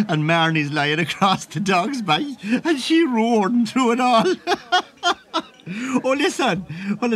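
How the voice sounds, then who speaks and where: Comic sketch: a rambling Irish pub gossip on the phone, chuckling, voice pitched a touch high. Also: male voice, fairly bright tone. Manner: rambling, chuckles through his own gossip. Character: chatty gossiping Irishman phoning from the pub at Christmas.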